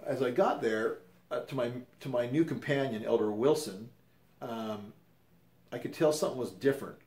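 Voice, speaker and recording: A man's voice: medium pitch, moderate pace, a little mellow. Rambling grandfatherly man in a roomy space. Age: 50s. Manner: rambling, self-correcting, conversational. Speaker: storyteller. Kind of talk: casual personal storytelling. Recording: roomy echo.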